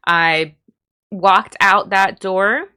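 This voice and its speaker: A woman's voice: mid-range voice, extremely slow, bright, forceful tone, clear, resonant tone. A young woman, candidly telling a self-deprecating story about herself and laughing as she goes. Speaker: vlogger. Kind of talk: storytime vlog.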